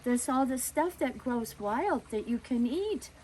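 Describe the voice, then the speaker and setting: A woman's voice: sits high, lively intonation, measured pace, darkish tone, slight background noise, voice pushed up, poor audio. A woman voicing herself as an eager ten-year-old girl, earnestly explaining things.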